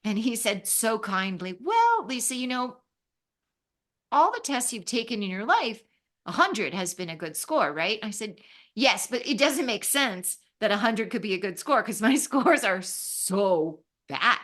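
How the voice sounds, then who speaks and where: A woman in her fifties from Los Angeles, a travel writer telling stories in an interview, animated and acting out the voices she quotes. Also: fairly high pitch, measured pace. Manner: animated, acts out quoted voices, laughs often. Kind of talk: casual storytelling in an interview.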